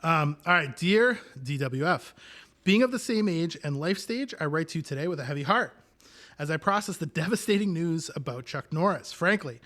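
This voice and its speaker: A man with a slightly higher voice co-hosts a casual podcast. He talks in a loose, chatty way, full of restarts and filler words. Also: expressive, moderate pace, fairly bright tone. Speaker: podcast co-host.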